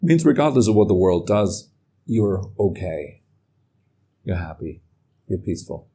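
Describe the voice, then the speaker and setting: A man giving a calm, reflective talk as a meditation teacher. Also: sits low, a little slow, slightly rough. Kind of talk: dharma talk.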